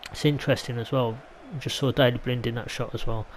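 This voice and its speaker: A man's voice: medium pitch, fairly even intonation, brisk, slight background noise, low-quality recording. A man from England chatting casually as he commentates his own football video game play, rambling into side remarks. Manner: chatty, rambling, mild asides. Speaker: gaming YouTuber.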